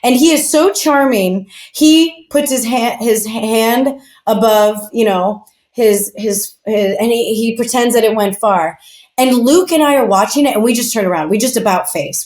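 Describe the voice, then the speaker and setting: A woman guest on a podcast telling stories in a lively, chatty way with lots of fillers. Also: on the high side, normal speed. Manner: animated, chatty, many fillers. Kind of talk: casual storytelling. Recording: roomy echo.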